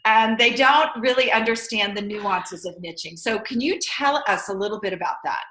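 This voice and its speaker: A woman's voice: mid-range voice, moderate pace, a bit bright, roomy sound, low-quality recording. An American woman hosting a vlog interview, talking in an effusive, enthusiastic way. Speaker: vlog host. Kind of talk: conversational interview.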